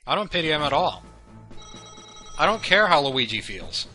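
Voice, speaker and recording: A man's voice: on the high side, very animated, normal speed, bright, forceful tone. A young man giving meandering, self-deprecating commentary over gameplay, drifting into chatty tangents. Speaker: let's play commentator. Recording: game music under the voice. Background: game music.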